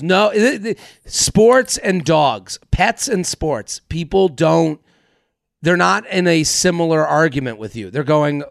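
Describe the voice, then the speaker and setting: A podcast host, a man with a high-pitched voice and a gravelly rasp, rants animatedly and swears freely. He sounds close and dry, with no room around him. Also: measured pace, no room sound. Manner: animated, profane ranting. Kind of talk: comedic advice-podcast rant.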